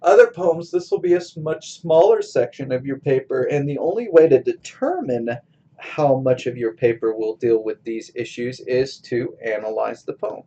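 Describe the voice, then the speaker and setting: A man teaching a college English class in a recorded screencast lecture, explaining step by step in a slow, methodical way. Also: medium pitch, warm tone, lo-fi sound.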